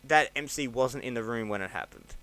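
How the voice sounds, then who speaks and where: On a podcast, a thirtysomething Australian comedian spins wandering, lively anecdotes, impersonating what people said with leaps in pitch. His male voice moves fairly quickly, and there's no echo.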